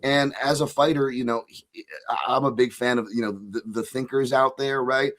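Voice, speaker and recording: Dude from hawaii breaking down fights, keeps saying right?, middle-pitched voice. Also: male voice, fairly even intonation, moderate pace, fairly bright tone. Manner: rambling, restarts, frequent "right?". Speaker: fight analyst, co-host. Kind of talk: casual podcast chat.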